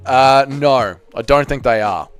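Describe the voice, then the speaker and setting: A man's voice: mid-range voice, measured pace, clean tone, no echo. A man hosting a live MMA reaction stream, chatting loosely with viewers and swearing freely.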